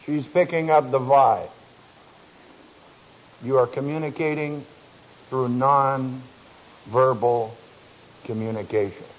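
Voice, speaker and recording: A man speaking to an audience as a family counselor, telling stories in a slow, emphatic way with dry humor. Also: mid-range voice, steady tone. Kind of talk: speech to an audience. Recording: dull lo-fi recording.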